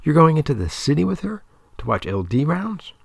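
A man voicing an upset, sharp-tongued young female debater in a read-aloud story. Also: on the high side, very animated, a little fast, vocal fry, breathy edge, no room sound, clean studio sound, pitched above the performer's own voice, full character voice. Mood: scornful, upset. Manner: indignant, scornful.

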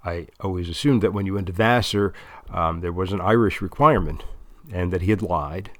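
A man's voice: low-pitched, a little fast, a bit bright, no echo, studio quality. A man explaining a plan at length in a casual, rambling way with many restarts. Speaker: interviewer recording a monologue.

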